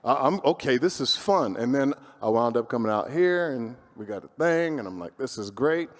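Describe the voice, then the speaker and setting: Male panelist, lively motivational storyteller, hall reverb. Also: mid-range voice, normal speed. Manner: animated, motivational, jokey. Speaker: voice actor on a panel.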